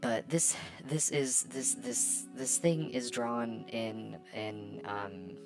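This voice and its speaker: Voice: medium pitch, steady tone, slow pace. A young adult fan rambling casually while drawing, hesitant, with many fillers and restarts. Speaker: fan commentator. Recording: music playing behind the voice.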